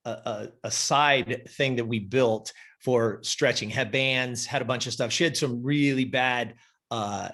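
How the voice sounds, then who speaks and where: A man's voice: medium pitch, a little slow, fairly bright tone. A man, a gym coach, telling a story as a podcast guest, emphatic and fired up, swearing freely.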